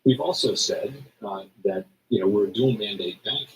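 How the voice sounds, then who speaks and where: A man giving measured, hedging press conference remarks as a central bank official, with frequent fillers. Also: on the low side, recorded from a distance, low-quality recording.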